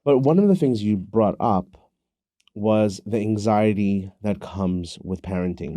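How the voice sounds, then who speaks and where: Dark-voiced man hosting a podcast. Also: fairly low pitch, unhurried, dry recording. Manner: storytelling, earnest, conversational. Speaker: podcast host. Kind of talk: podcast conversation.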